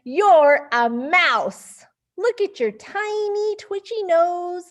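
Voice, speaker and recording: A woman's voice: extremely high pitch, very slow, voice pushed up, heavily acted. A woman reading aloud as a skeptical storybook animal, in a firm, dismissive tone. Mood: scoffing.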